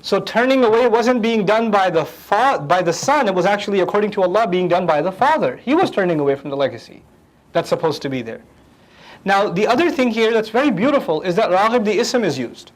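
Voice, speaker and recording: Animated higher-voiced male Quran teacher. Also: normal speed, rough recording. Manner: animated, humorous, acts out quotes. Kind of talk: lecture on Quranic language.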